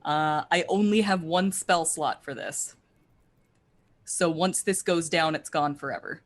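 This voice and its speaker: Excitable woman player, slow delivery. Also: low voice. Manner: excitable, loud outbursts. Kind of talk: tabletop game play.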